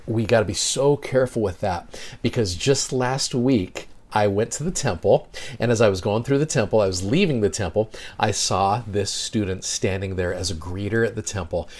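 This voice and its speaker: A man's voice: on the low side, a little mellow. Earnest man giving a devotional talk. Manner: earnest, reflective storytelling. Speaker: seminary teacher and podcast host. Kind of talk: devotional talk with personal story.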